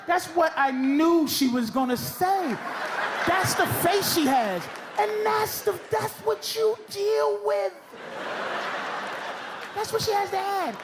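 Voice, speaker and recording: A man doing stand-up in a comedy club, brashly mocking audience members with profane crowd work. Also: very high-pitched. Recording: loud crowd laughter, club noise.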